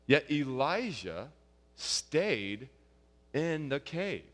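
A man's voice: on the high side, fairly bright tone. Preacher man in a reverberant hall. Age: young adult or middle-aged, a father of young kids. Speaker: pastor. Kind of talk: sermon.

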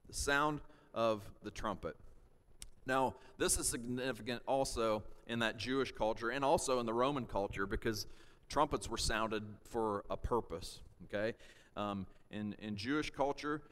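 A man teaching a sermon and reading scripture, pausing to check in with his listeners with "okay?" and "all right?" and rising to loud shouts for emphasis. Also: mid-range voice, clear, resonant tone. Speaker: pastor. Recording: long hall reverb.

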